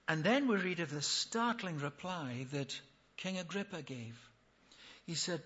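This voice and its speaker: A man preaching a sermon with passion, acting out the quoted speakers and swinging from loud appeals to hushed tones. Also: fairly high pitch, animated, measured pace, breathy edge. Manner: acts out biblical speakers in quoted voices. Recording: dull lo-fi recording.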